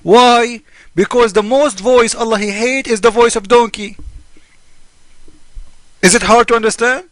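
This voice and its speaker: A man's voice: very high voice, fairly even intonation, measured pace, pauses often, fairly bright tone, no echo. A man delivering a polemical monologue as a religious critic, mocking and argumentative, firing off rhetorical questions.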